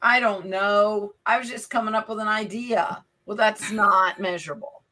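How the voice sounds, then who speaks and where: Bright-voiced playful woman. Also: mid-range voice. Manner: playful, teasing, quick asides. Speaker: podcast co-host and life coach. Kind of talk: casual chat.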